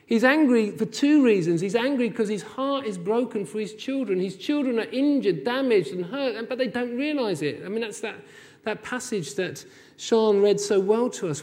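A man preaching a sermon, impassioned and building to forceful, near-shouted peaks. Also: very high voice, lively intonation, moderate pace, big-room sound. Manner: impassioned, rising to near-shouts when voicing God's anger.

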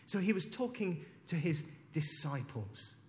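A man delivers a sermon in a measured, unhurried way, reading scripture aloud and reflecting on it. His voice sits on the higher side, and a long reverb trails his words around a large hall. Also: very animated. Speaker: preacher.

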